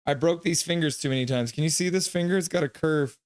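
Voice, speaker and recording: Man, stream host, casual play-by-play, reads chat and jokes, higher voice, smooth and clear. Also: fast. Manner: reads chat aloud, jokes and laughs often; bursts into excited goal calls. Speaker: live stream reaction host.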